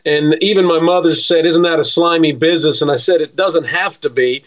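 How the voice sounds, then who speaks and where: A middle-aged sports agent telling lively stories in casual chat, laughing often. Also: male voice, a little high, a little fast, low-quality recording. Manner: animated storyteller, laughs often.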